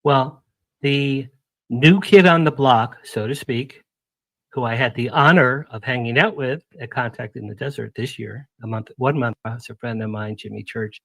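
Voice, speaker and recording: A man's voice: mid-range voice, normal speed, gravelly, no echo. A man talking as a guest on a radio interview show, rambling and jumping between topics in casual chat. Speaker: guest publicist.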